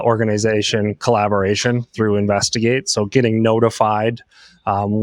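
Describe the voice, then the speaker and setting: A man with a lowish voice moderates a laid-back panel, his questions wandering and padded with fillers. The recording is close and dry. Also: dry recording. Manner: relaxed, rambling questions with many fillers. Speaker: podcast host and moderator. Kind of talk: casual panel chat.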